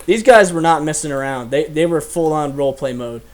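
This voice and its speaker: A man's voice: on the high side, lively intonation, fairly quick. A young man hosting a casual chat, telling stories animatedly and laughing often. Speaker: host.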